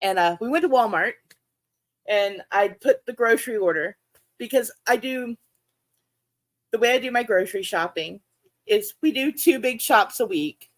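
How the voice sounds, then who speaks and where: Animated woman telling a story to her fish viewers. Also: moderate pace, pauses often. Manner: animated storyteller, laughs often, jumps into high-pitched reenactments. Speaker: aquarium channel host. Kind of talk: casual chat to livestream viewers.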